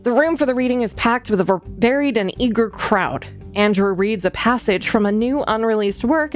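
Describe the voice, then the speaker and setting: A woman streamer reading a narrative game aloud on a live stream, breaking in with quick asides. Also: medium pitch.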